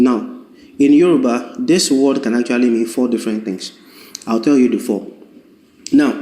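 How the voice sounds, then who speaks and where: A man's voice: medium pitch, dark tone. Patient male language teacher, echoey room. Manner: patient, repeats words slowly for the learner. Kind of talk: video lesson.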